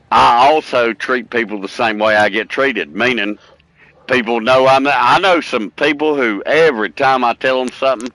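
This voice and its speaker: Guy, middle aged, blunt and sweary, bright punchy voice, dry close mic. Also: mid-range voice, dry recording, low-quality recording. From United States. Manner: blunt, profane, preachy and emphatic. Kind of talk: casual chat on a livestream.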